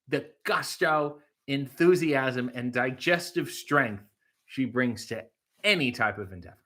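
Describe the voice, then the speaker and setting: A man's voice: a little high, sharp tone. A man hosting a casual livestream, reading chat messages and making wry jokes. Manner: wry, joking asides to the chat. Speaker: livestream host.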